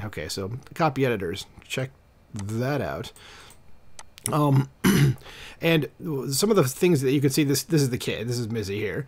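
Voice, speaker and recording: A man's voice: medium pitch, expressive, moderate pace, a little mellow. A man hosting a commentary channel, reading an article aloud and breaking in with casual, irritated asides full of fillers. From United States.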